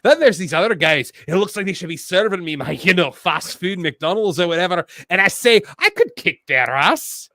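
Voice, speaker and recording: A man's voice: high-pitched, lively intonation, normal speed, hardly any pauses, bright, forceful tone, no echo, studio quality, full character voice. A man putting on a Scottish accent to play a boastful, brawny wrestler. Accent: put-on Scottish. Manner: exaggerated, boasting delivery.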